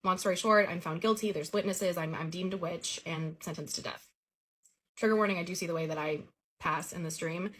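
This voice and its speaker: A woman's voice: fairly low pitch, fairly even intonation, a little fast, a bit bright. A woman telling the story of a recurring childhood dream in a casual, earnest way.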